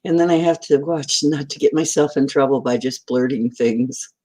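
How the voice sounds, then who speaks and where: This livestream host, a woman at home, welcomes viewers by name and chatters in a giggly, meandering stream of consciousness. Her very deep voice is mellow and moves at a moderate pace.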